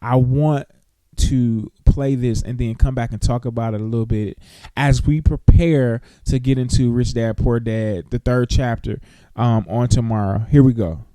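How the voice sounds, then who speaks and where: A man hosting a morning talk show, talking casually with animated emphasis. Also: medium pitch, moderate pace, clean tone, no room sound.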